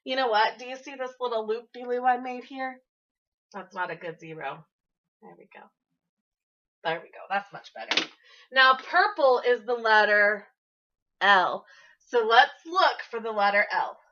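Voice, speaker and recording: A woman's voice: fairly high pitch, animated, a little slow, pauses often, bright, forceful tone. A woman teacher giving an early-grade classroom lesson in an encouraging, sing-song way, talking to young children, in a classroom on a dull lo-fi recording.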